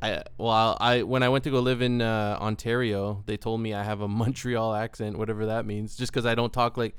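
A man's voice: fairly low pitch, flat delivery, brisk, clear, resonant tone, dry recording. A man from Quebec with a Quebec English accent, chatting playfully on a podcast. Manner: playful, tries silly accents. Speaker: podcast co-host. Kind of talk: casual podcast chat.

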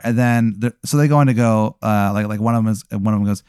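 A man's voice: medium pitch, steady tone, fast talker, a little mellow, clean tone, no echo, clean studio sound. A man telling a rambling, swearing story in casual chat as a comedy podcast host.

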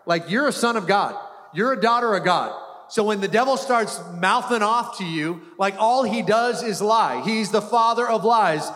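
High-voiced pastor preaching in a reverberant hall. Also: male voice, fairly quick, fairly bright tone. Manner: repetitive, conversational preaching with frequent restarts. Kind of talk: sermon. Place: church hall before a congregation.

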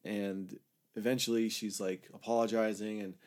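A man's voice: flat delivery, normal speed. Rambling, foul-mouthed man telling a story. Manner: rambling, candid, heavy swearing, frequent "like" fillers; shifts between loud outbursts and low mutters. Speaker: storyteller recounting his own past. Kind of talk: casual personal storytelling.

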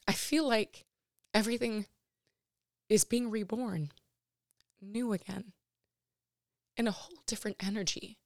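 A woman in her thirties hosting her own podcast, talking personally and emotionally in a halting way with many restarts and fillers. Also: mid-range voice, steady tone, darkish tone, no room sound, clean studio sound. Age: 30s. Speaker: podcast host.

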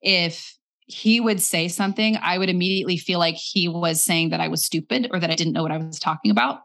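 A woman's voice: lowish voice, a little fast, vocal fry, a bit bright. A young adult woman telling a personal story in a candid, reflective way, acting out quoted lines as she goes. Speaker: guest.

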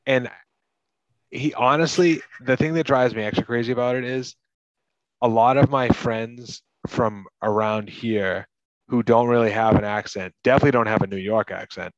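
A man's voice: mid-range voice, fairly even intonation, moderate pace, no room sound, highs cut off. A man from Massachusetts co-hosting a casual movie podcast, rambling with lots of "like" and "you know". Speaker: podcast co-host.

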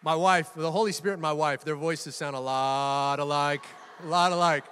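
A middle-aged pastor preaching to his church, his voice sitting high for a man. He tells stories with playful humor and now and then punches a phrase hard for emphasis. The sound carries a long reverb, as in a large hall. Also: normal speed, slight background noise. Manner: lively storytelling with laughs and bursts of emphasis. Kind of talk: sermon.

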